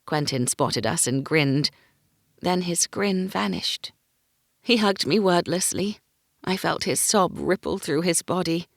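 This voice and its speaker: A woman's voice: fairly low pitch, measured pace, creaky, no echo, clean studio sound. A woman narrating a first-person fantasy audiobook, giving each character a voice.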